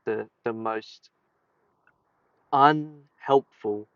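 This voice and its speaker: A man's voice: on the low side, very slow, no room sound, lo-fi sound. A young man telling a sweary story in casual chat, acting out the people in it. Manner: sweary, animated, acts out quotes. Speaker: podcast host telling a story.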